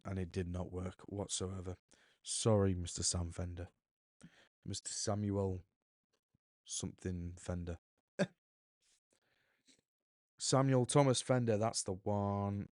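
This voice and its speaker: A man's voice: low-pitched, fairly even intonation, a little slow, pauses often, a little mellow, no room sound, studio quality. A young man hosting a podcast, rambling chattily and correcting himself as he goes. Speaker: podcast host. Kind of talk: casual solo podcast monologue.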